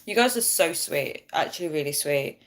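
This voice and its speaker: A woman's voice: low-pitched, animated, normal speed. A woman in her thirties hosting a casual phone live stream, chatty and bubbly, reading out viewer comments. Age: 30s. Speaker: livestream host.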